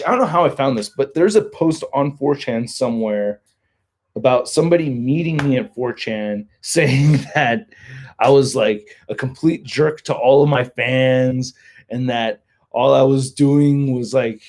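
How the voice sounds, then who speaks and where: A man's voice: mid-range voice, a little mellow. Rambling Californian-accented man chatting. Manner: rambling, heavy use of "like" fillers. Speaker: livestream host. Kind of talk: casual livestream chat.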